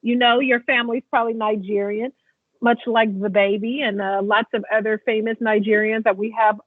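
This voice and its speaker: A woman's voice: fairly high pitch, flat delivery, normal speed, dry recording. A woman co-hosting a wrestling podcast remotely, sarcastic and opinionated in casual chat. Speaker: podcast co-host. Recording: tinny phone line, dry.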